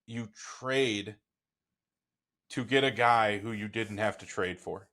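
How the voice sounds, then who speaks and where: A man's voice: lowish voice, normal speed, bright, forceful tone. A man co-hosting a sports podcast, talking bluntly with an exasperated, swearing edge. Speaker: podcast co-host. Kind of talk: casual sports chat.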